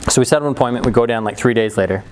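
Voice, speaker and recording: A man's voice: very fast, clean tone, poor audio. A middle-aged man telling a personal story to an audience, acting out the voices with big leaps and laughing often. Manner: animated, acts out quoted voices with big pitch jumps. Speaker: speaker. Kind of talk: storytelling talk.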